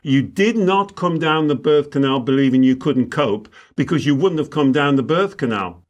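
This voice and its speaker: Male coach, emphatic teacher, slightly high pitch. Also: expressive, normal speed, lo-fi sound. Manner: emphatic, acts out client dialogues. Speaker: spiritual coach. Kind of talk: teaching conversation.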